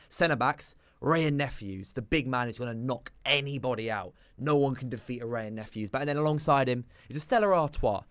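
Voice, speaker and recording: Fast-talking male studio guest. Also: medium pitch, no echo. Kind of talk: casual studio chat. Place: radio studio.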